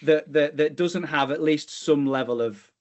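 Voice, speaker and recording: A man's voice: on the high side, measured pace. A man co-hosting a tech podcast, explaining things in a casual way with lots of fillers and restarts. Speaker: podcast co-host.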